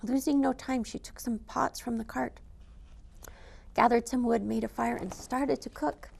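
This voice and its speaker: A woman reading a picture book aloud to listeners with an expressive, animated delivery. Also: on the high side, a little slow, creaky. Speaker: storyteller.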